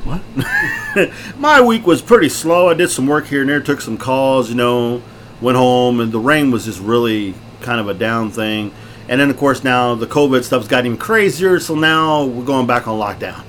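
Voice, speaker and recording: A middle-aged man co-hosting a podcast, loud, jokey and excitable, laughing often. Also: medium pitch, moderate pace. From Texas. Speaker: podcast co-host. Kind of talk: casual chat. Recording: faint background noise.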